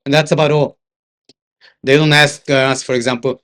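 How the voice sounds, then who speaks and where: A man's voice: medium pitch, steady tone, moderate pace, fairly bright tone. An older man with a Japanese accent, an interpreter giving a seminar talk full of anecdotes, sometimes slipping into Japanese asides. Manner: storytelling, switches into Japanese asides. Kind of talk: anecdotal lecture.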